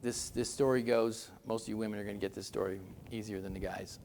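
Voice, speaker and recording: A man's voice: on the low side, steady tone, fairly quick, darkish tone, slight background noise. A middle-aged man giving a motivational seminar talk, chatty and self-deprecating, telling stories to the room. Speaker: seminar speaker.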